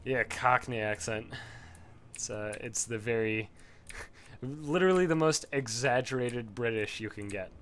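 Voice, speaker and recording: A man at a mid pitch talks through his game in loose, meandering commentary. He swears casually, laughs at himself, and loses his train of thought. Faint keyboard typing and light noise sit behind him. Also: unhurried, a bit bright. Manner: rambling, swears freely, laughs often. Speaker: gamer leveling a character.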